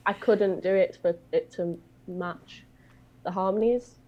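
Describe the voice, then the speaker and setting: A woman's voice: medium pitch, measured pace, lo-fi sound, crowd noise. A woman with a British accent, a guest singer chatting casually on a video call and telling a long story with plenty of fillers. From Britain. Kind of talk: casual chat.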